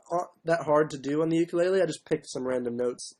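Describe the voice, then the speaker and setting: A man hosting a casual livestream, with a sore throat and frequent throat clearing, who mocks himself and keeps apologizing and giving up on songs. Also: on the high side, fast, hardly any pauses, a little mellow. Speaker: livestream host. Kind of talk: casual livestream chat with ukulele. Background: faint ukulele strumming.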